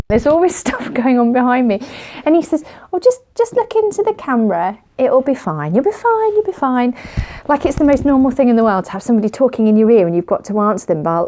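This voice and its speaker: Mellow-voiced woman telling a story. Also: a little high. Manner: chatty, laughs often, many fillers. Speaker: vlogger. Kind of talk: casual storytelling.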